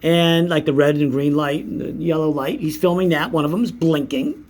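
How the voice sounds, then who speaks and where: A man's voice: on the high side, moderate pace, darkish tone. A man giving casual commentary on videos in a sarcastic, mocking, profane manner. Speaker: YouTube commentator.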